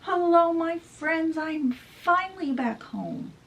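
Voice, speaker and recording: A woman's voice: a little high, very animated, measured pace. A woman voicing a grown man, a hopeful pirate captain, while retelling a storybook, speaking in an eager, earnest way.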